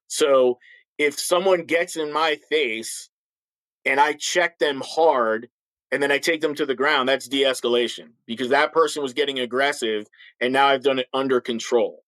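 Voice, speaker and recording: A middle-aged man and former police officer, a podcast guest, speaking bluntly and forcefully with frequent restarts. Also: mid-range voice, normal speed, dry recording, poor audio. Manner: acts out others' voices in stories. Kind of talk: podcast interview talk.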